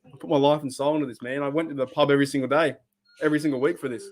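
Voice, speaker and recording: This Australian host talks very fast at a medium pitch during a live-stream reaction, keeping things loose, animated and meandering, with plenty of swearing.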